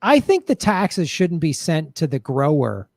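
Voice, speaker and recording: A man's voice: a little high, sing-song, measured pace, darkish tone, no room sound, studio quality. A man hosting a casual live-stream chat, riffing jokingly and reading viewer comments aloud. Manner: jokey, riffing, reads chat messages aloud.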